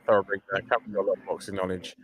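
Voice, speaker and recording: A man's voice: low voice, level tone, rapid-fire, a crowd in the background. A man co-hosting a podcast, teasing and playfully bossing his co-host around in casual banter. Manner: teasing, playful, bossy urging.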